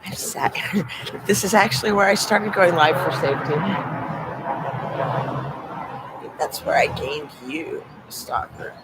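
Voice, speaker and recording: Man, slightly high voice, rambling outdoor phone livestream, swears, slips into whispers, clear street noise. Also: lively intonation, unhurried, long pauses. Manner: rambling, swearing, often drops to a mumbled whisper. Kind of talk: casual live stream monologue. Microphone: phone camera.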